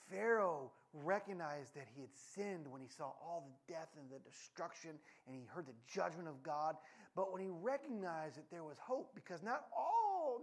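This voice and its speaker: A man preaching a sermon, mixing personal stories with scripture. His voice leaps up and cracks when a story gets excited, then drops low and quiet for serious points. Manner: animated, voice jumps up and cracks when telling stories.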